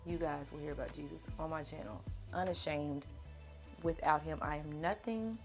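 A young woman with a Southern country twang talks straight to camera in a low, full voice, answering viewer questions in a loose, chatty way. Faint music plays under her. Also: moderate pace. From Kentucky, USA. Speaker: beauty vlogger. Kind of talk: casual Q&A vlog to camera.

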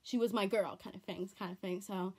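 A woman's voice: medium pitch, steady tone, a little fast, darkish tone, husky. A teenage girl chatting casually in a home vlog, rambling and repeating herself in an earnest way. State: tearful, on the verge of crying. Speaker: vlogger.

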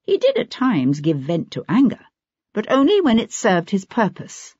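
An audiobook narrator reading a novel in measured, even scripted narration. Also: mid-range voice, husky, no echo. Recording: dull lo-fi audiobook recording.

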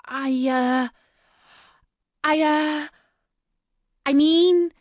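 A woman voicing a nervous, eager young schoolboy in a storybook, speaking high and hesitantly. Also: big pitch swings, unhurried, no echo, studio quality. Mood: stammering.

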